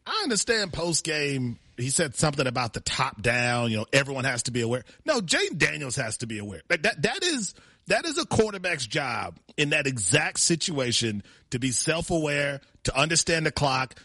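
A man co-hosting a casual sports talk show, animated and self-deprecating. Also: a little high, normal speed, slightly rough, no echo, studio quality.

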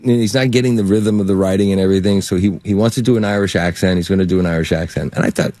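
A man, an actor, telling stories from a film set in a casual chat, animated and laughing as he goes. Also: deep voice, very fast, dry recording. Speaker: actor guest.

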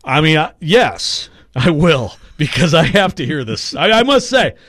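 A man's voice: a little high, dry recording. A man hosting a sports radio show in casual, sarcastic banter from a studio mic. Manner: animated, sarcastic, quick asides. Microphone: studio microphone.

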